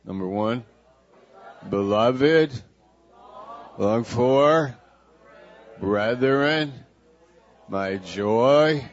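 A man, a pastor leading a sermon, who slowly and playfully coaxes the congregation to repeat words after him. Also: mid-range voice, animated. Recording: dull lo-fi church recording.

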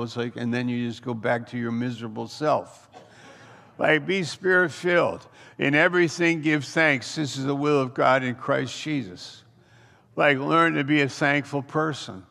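A male pastor with a gravelly, creaky voice delivers a slow, deliberate sermon. He piles up rhetorical questions and presses his points with rising force. His voice rings with the long reverb of a large hall. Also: mid-range voice, a bit bright. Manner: preaching with rising intensity and repeated rhetorical questions.

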